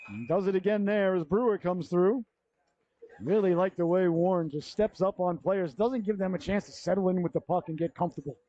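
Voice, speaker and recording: A youth hockey game gets play-by-play coverage from a man whose high, mellow voice moves fairly quickly, with no echo. He's yawning and losing his breath as he rambles chattily through side stories and self-corrections, heard through dull, lo-fi local broadcast audio.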